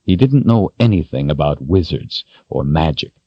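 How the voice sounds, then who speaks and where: A man narrating a fantasy audiobook in a steady, measured way. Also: rumbling low, creaky, no echo. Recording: dry, dull lo-fi studio sound.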